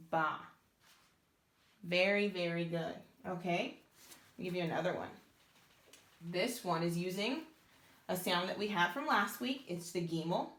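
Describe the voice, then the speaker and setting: Slow, patient woman teaching reading. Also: fairly low pitch, a bit bright, echoey room. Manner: encouraging, sounds out letters step by step. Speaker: Hebrew teacher.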